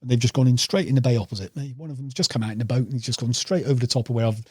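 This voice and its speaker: A very fast-talking carp angler, appearing as a podcast guest, tells rambling fishing stories and calls the host "mate" in a casual interview. His medium-pitched voice is darkish and slightly rough, in a dry recording with clean studio sound.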